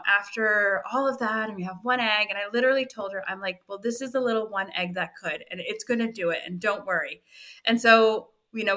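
A middle-aged woman, a fertility physician assistant, telling an emotional story on a podcast in lively reported speech. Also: mid-range voice. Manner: animated, frequent "I was like" reported speech.

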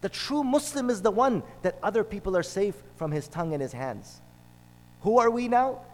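A man's voice: high voice, expressive, moderate pace, darkish tone. Preacher man in a reverberant hall. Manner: storytelling, emphatic with repetitions. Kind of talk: sermon.

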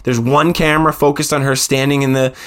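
A man in his thirties co-hosting a casual podcast, his voice sitting at an ordinary middle pitch. He rambles through his stories and keeps acting out quotes from other people. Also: brisk. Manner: rambling, animated storytelling with quoted asides. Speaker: podcast co-host. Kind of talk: casual chat.

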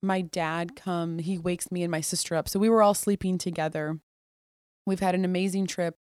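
A woman guest on a podcast telling her personal story in a candid, conversational way, with restarts and moments where she drops soft and quiet. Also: lowish voice, steady tone, moderate pace, no room sound, clean studio sound. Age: adult. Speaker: podcast guest, Air Force officer.

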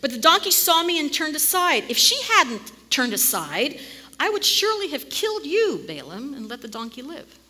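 A woman's voice: high voice, very animated, normal speed, sharp tone, pitched above the performer's own voice, full character voice. A woman playing a stern commanding angel. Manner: commanding, emphatic. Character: stern sword-bearing angel, male. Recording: long hall reverb.

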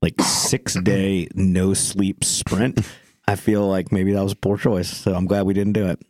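A man co-hosting a casual chat, sarcastic and teasing, firing off quick jokes. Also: low voice, level tone, darkish tone, no room sound, studio quality.

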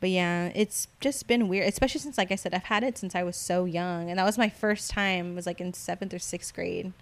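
A woman's voice: lowish voice, fairly quick. A young woman telling her dreams in casual chat, rambling and full of fillers, acting out what people said. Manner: rambling, filler-heavy storytelling with acted-out quotes. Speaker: guest recounting dreams.

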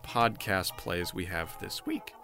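A man's voice: low voice, pushed and bright, soft background music. A man co-hosting a podcast, chatting casually, swearing often and laughing easily. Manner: profane, joking, quick to laugh. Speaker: podcast co-host.

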